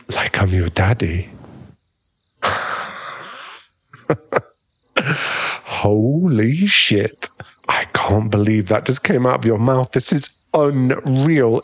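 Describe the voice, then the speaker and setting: A man's voice: fairly low pitch, husky, heavily acted. A man voicing a cocky, mocking young male bully in a whispered role-play, with a smug, drawling manner close to the mic. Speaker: ASMR roleplay performer.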